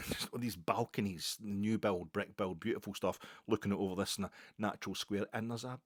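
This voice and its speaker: A man's voice: fairly low pitch, fairly even intonation, normal speed, dry recording. A Scottish man hosting a podcast, telling a rambling, self-mocking anecdote with plenty of swearing. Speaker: podcast host. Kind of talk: casual anecdote storytelling.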